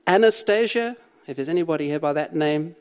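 Explaining Scripture from the pulpit, an older man speaks a little fast in a slightly high, clean, expressive voice. His style is emphatic, full of repeated key words and rhetorical questions.

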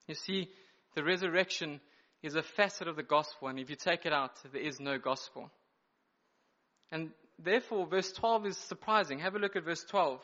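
A male preacher with a bright, forceful voice pitched a little above the usual, delivering a sermon in an emphatic, explanatory way. He unpacks each point with measured pauses. The recording is somewhat dull and lo-fi. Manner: explanatory, emphatic teaching with pauses and self-corrections.

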